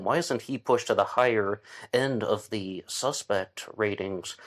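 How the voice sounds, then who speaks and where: A man hosting a casual true-crime talk, thinking aloud with fillers and restarts as he goes. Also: on the low side. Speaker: podcast host.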